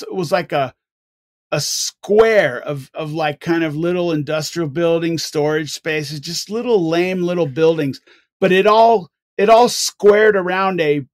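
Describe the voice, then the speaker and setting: An older man, a guest on a podcast, telling rambling, animated stories with many restarts. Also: fairly high pitch, no room sound, clean studio sound. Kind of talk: casual interview storytelling.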